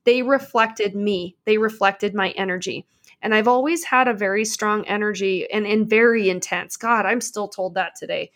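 A woman in casual conversation, telling stories in an energetic, passionate, self-mocking way. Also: mid-range voice, normal speed.

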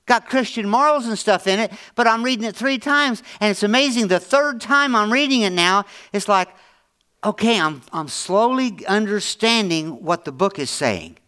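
Middle-aged male pastor, slightly high-pitched, earnest folksy sermon delivery with repetition and hushed emphasis. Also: animated, moderate pace, smooth. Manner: repetitive, earnest, folksy preaching that drops low and quiet.

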